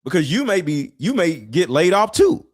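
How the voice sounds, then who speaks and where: Blunt, animated man ranting. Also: high voice, normal speed, husky, no echo, studio quality. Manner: blunt, preachy, swears, rises to shouting. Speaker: commentary vlogger reacting to clips. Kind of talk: animated reaction commentary.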